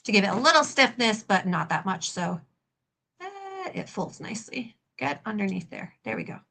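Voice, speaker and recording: A woman's voice: mid-range voice, lively intonation, fairly quick, creaky, bright, forceful tone. A woman hosting a crafting livestream, chatting casually and self-deprecatingly while she works on a costume. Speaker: livestream host and prop maker.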